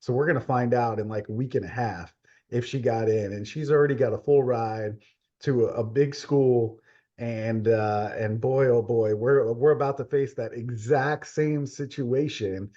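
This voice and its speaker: This is a man in his forties hosting a relaxed interview. He thinks out loud and laughs easily. His pitch is middle, and the recording sounds slightly muffled and low-fidelity. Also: normal speed. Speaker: host. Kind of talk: casual interview chat. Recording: slightly dull, lo-fi audio.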